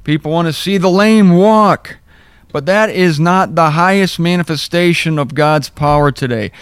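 Guy teaching scripture verse by verse, kinda high voice, dry sound, wry and chatty. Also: clear, resonant tone, no room sound. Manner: conversational, wry, rereads verses slowly for emphasis. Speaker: Bible teacher. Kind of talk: informal verse-by-verse Bible teaching.

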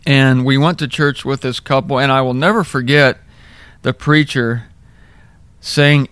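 A man's voice: medium pitch, fairly even intonation, measured pace, fairly bright tone, clean tone, no room sound. A middle-aged man hosting a daily Bible talk, telling stories with humor and mocking asides in a conversational sermon style.

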